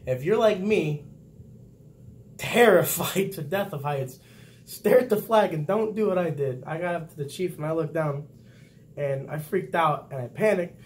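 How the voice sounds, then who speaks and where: A man's voice: a little high, normal speed, a little hiss or hum. Young man telling stories about boot camp. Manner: animated storytelling, laughs often, acts out quotes loudly. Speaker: vlog host, Navy sailor. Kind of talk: casual chat.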